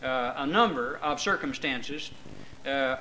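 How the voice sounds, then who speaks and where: Bright-voiced man preaching a folksy sermon. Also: mid-range voice, slow, a little hiss or hum, poor audio. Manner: conversational, with folksy asides and rhetorical questions. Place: church meeting before a congregation.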